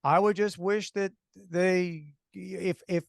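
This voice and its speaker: A man's voice: sits high, fairly even intonation, slow, vocal fry, no echo, clean studio sound. A man co-hosting a radio talk show, telling stories animatedly with heavy sarcasm and many restarts. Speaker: radio co-host. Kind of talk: casual radio chat.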